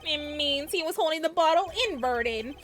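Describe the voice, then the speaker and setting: A woman's voice: high voice, moderate pace, soft background music, voice pushed up, natural voice. A woman voicing a smug, condescending middle-aged male prosecutor, reading game dialogue aloud.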